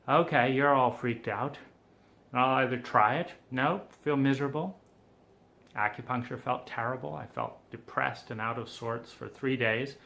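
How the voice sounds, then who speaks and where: A man speaking in a gravelly, fry-laden voice that is pushed and tense. He gives personal testimony for a documentary, sounding frustrated, urgent and pleading as he talks. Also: mid-range voice, steady tone, normal speed, bright, forceful tone. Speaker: documentary subject.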